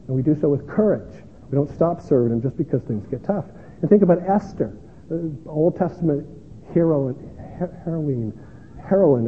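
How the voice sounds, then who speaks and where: A pastor preaches a sermon in an earnest, self-deprecating way, frequently restarting his words. His voice is on the high side and husky. The lo-fi recording sounds tinny and carries a long echo from the hall.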